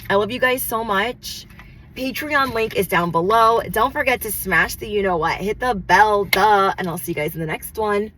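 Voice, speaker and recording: A woman's voice: on the low side, fairly bright tone, slight background noise, rough recording. A woman vlogging to camera from a car, gushing and emotional as she thanks her viewers over and over. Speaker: spiritual vlogger. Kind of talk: casual vlog talk to camera.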